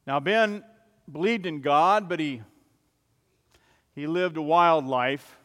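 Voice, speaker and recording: A male preacher telling a sermon illustration, swelling loud and then dropping soft as he tells it. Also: a little high, unhurried, pauses often. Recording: long reverb of a large hall.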